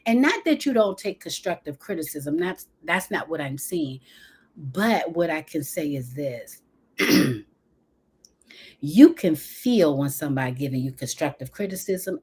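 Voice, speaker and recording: Hyper, passionate lady doing a motivational live, y'all this y'all that, bouncy and expressive. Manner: animated, excitable, talks to viewers as y'all; energetic and expressive, jumps in pitch. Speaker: motivational speaker. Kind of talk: motivational livestream talk. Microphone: phone or webcam livestream.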